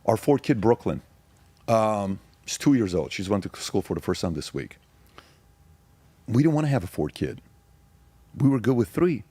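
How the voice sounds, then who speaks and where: A man's voice: fairly low pitch, sing-song, dark tone, breathy edge, no room sound. Emphatic storytelling man from Iran. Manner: intense, emphatic, rapid-fire repetition. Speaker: podcast guest. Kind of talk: candid personal storytelling.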